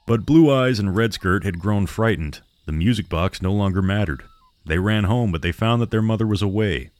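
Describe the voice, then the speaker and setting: A man narrating a horror story for a podcast in a measured, steady way. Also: fairly low pitch, no echo.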